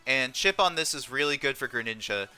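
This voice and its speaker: A man's voice: medium pitch, animated, a little fast, pushed and bright, smooth, faint music behind. A young man thinking aloud through a competitive online game match, calling his moves with frequent ums. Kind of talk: live gameplay commentary.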